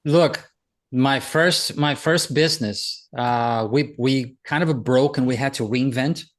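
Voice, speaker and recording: A man hosting a founders' faith discussion, telling his own stories in an animated way and laughing along. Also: mid-range voice, takes it slowly. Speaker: host leading a founders' faith talk. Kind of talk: animated storytelling.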